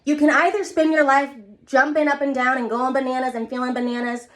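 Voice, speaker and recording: A woman's voice: high-pitched, flat delivery, fairly quick. A young woman giving an earnest, rambling motivational talk to her viewers in a casual vlog. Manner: earnest, rambling, repeats herself. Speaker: vlogger.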